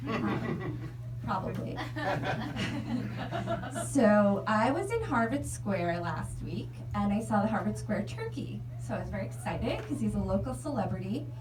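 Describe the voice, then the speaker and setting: A young woman performing a stand-up comedy set on a club stage, telling stories with deadpan absurd tangents. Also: mid-range voice, unhurried, noisy background. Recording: echoey club sound from a distance. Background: audience laughter.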